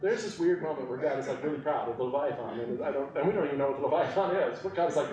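A man hosting a podcast and giving an informal Bible teaching, animated and quick to laugh, with eager side remarks. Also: medium pitch. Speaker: podcast host teaching on scripture. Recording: echoey room, mic at a distance.

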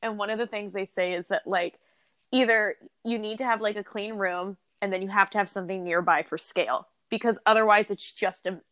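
A woman's voice: mid-range voice, fairly even intonation, fairly quick, fairly bright tone, no echo. A young woman co-hosting a podcast, chatting casually with lots of fillers and laughter. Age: young adult. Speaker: podcast co-host. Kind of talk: casual chat.

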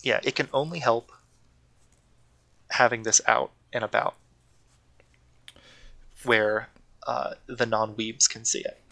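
Slow-paced with long pauses, a man co-hosts a casual podcast in a mid-range, bright, forceful voice with vocal fry and fairly even intonation. He talks eagerly and rambles, repeatedly correcting what he's said.

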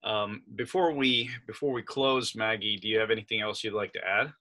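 A man's voice: lowish voice, steady tone, normal speed, bright, forceful tone. A man hosting a casual podcast interview, upbeat and jokey as he leads the talk. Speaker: podcast host.

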